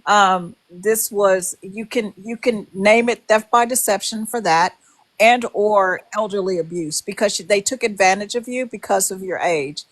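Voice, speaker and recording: A woman's voice: medium pitch, a little slow. Chatty woman host, 60s, direct and advising. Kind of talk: casual chat.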